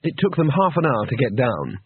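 Husky male storyteller on a tinny line. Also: medium pitch, very animated, brisk, no echo. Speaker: audiobook narrator. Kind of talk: scripted storybook narration. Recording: tinny, dry, phone-like audio.

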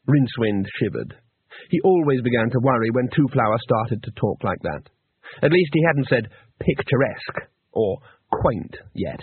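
A man narrating an audiobook in a measured, dry way, at a middle pitch. His voice is husky, and the sound is narrow and tinny like a phone line, with no room echo. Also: lively intonation. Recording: tinny narrow-band recording.

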